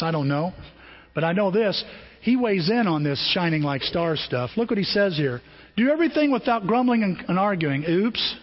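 Animated preaching man in a reverberant hall. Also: sits high, breathy edge, highs cut off. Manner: animated, conversational preaching with rhetorical questions. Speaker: pastor. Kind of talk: sermon.

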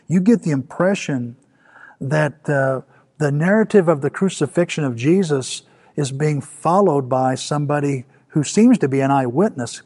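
A middle-aged man preaching a sermon as pastor, dropping to soft, quiet lines and rising for emphasis. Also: on the high side, slightly rough.

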